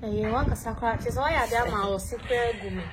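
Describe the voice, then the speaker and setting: A woman with a Ghanaian accent pleads and apologizes in an improvised comedy skit. Her voice is somewhat high. Clear background noise runs through the recording. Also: brisk.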